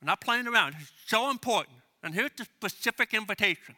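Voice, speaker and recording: A man preaching a sermon with a high, very bright and forceful voice. He is emphatic and hammers key phrases over and over. He leads the congregation in call-and-response. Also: lively intonation, quick pace, hardly any pauses. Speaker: pastor.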